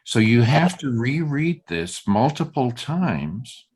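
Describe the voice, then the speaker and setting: A man leading a group Torah study discussion, halting and searching for words as he reads passages aloud and weighs which word to stress. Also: medium pitch, big pitch swings, darkish tone, slightly rough.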